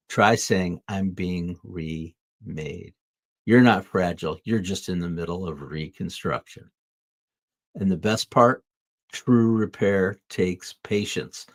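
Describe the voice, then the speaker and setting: A man hosting a motivational podcast, talking in an earnest, reflective way with loose, rambling asides. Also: low-pitched. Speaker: host.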